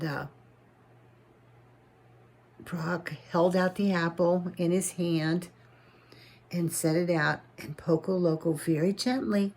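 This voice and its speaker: Woman storyteller, lower voice, folksy children's-story telling with natural restarts. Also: a little mellow.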